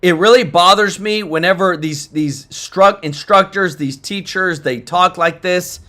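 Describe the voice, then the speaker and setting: A man's voice: sits high, measured pace, bright, forceful tone. A young man hosting political reaction commentary, fired up and talking straight to his viewers.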